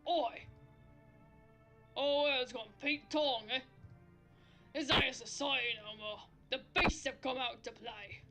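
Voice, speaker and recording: A woman's voice: high voice, a little slow, pauses often, pushed and bright, soft background music. Woman doing a swaggering street thug. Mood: gloating menace. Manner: menacing, swaggering slang. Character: rough streetwise male thug, gloating. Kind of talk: game voice acting.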